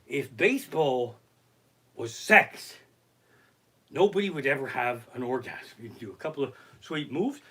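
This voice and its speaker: A comedian rants in a bright, animated voice, swearing constantly and sounding exasperated. His pitch swings widely as he builds each complaint. He streams the show live from his living room. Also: a little slow, slightly rough. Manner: profane, ranting, exasperated. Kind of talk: live-streamed stand-up rant.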